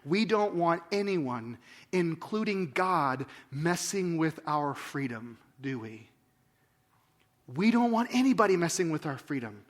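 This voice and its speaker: High-voiced man preaching a sermon. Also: lively intonation, a little slow. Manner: conversational preaching, rhetorical questions, dramatic swings in loudness. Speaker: pastor. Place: church.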